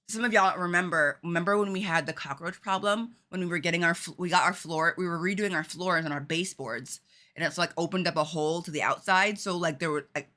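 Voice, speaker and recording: A woman streaming a game at home and telling a lively story to her chat, laughing often. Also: fairly low pitch. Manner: animated, laughing, chatty with fillers.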